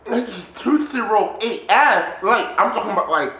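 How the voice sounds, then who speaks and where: A man chatting excitedly in a casual DIY vlog, full of fillers and exclamations. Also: sits high, moderate pace, reverberant. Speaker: DIY candy vlogger.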